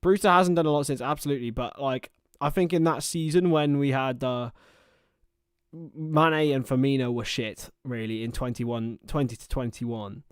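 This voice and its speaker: Over a livestream, a young man calls a football match watchalong-style, jumping between player names and loose, chatty tangents. His middle-pitched voice is clean, with fairly even intonation and normal speed, and the sound is close and dry with no echo.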